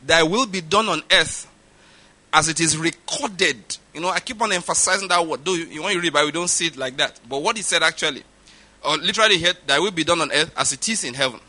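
A man's voice: a little high, racing, pushed and bright. A middle-aged man with a Nigerian accent preaching a sermon, stressing his points and repeating them for emphasis. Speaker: pastor.

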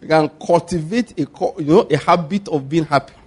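A man in his forties preaches with animated stories. He breaks into laughter often and throws questions back at the congregation. His voice sits a little higher than most men's. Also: brisk, slightly rough. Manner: animated storytelling with call-and-response questions. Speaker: pastor. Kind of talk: sermon.

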